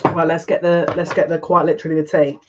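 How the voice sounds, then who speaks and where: A psychic reads tarot live for viewers in an excitable, breathless rush. Sentences keep breaking off and restarting. The stream audio is dull and lo-fi. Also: medium pitch, quick pace, noisy background.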